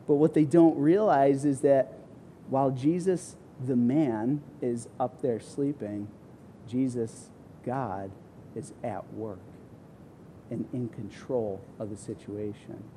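A middle-aged man, a pastor, preaching a sermon and acting out the people he quotes with sudden high, loud bursts. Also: steady tone, slow, a little hiss or hum. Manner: acts out quoted voices with big pitch swings.

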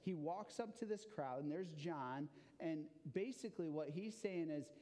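A man's voice: a little high, moderate pace. A man giving an interactive children's sermon in a church, asking the listeners questions as he goes. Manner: animated, asks the audience questions. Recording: long hall reverb.

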